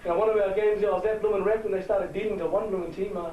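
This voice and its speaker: A man with a New Zealand Māori accent, giving a halting, heartfelt speech to a rugby team. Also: sits high, steady tone, lo-fi sound. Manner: halting, warm-hearted, switches between Māori and English. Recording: echoey room from far off.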